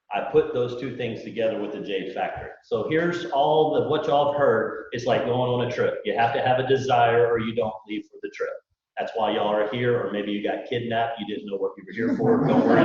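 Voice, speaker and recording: A man gives a live sales pitch to a room of recruits, folksy and full of rhetorical questions, acting out little dialogues. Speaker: business owner presenting to recruits. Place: large event room with live audience. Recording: echoey hall, distant mic, dull lo-fi.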